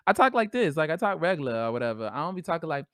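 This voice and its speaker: A woman hosting a podcast solo, talking in a casual, animated, slangy way and laughing often. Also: low-pitched, rapid-fire, dry recording, studio quality. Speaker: podcast host.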